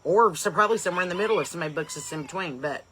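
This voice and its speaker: A woman, hosting a live stream and chattily greeting viewers, calling out their places with eager bursts of loudness. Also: on the low side, very fast, a little hiss or hum. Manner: chatty, calls out place names loudly and eagerly. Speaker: comedian and podcast host.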